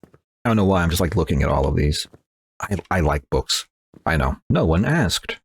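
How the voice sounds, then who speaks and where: Here the let's play host's deep, slightly rough voice swings widely in pitch at a normal speed, and he sounds a bit nasal from sneezing. Recorded in a clean studio with no room sound, he casually rambles through a horror game, mocking himself and answering the game.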